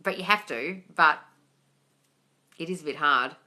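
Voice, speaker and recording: A woman hosts a casual live Q&A into her phone. Her voice is very bright and sharp. She chats freely, swears, and calls her viewers darling. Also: low voice, unhurried. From England. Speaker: host.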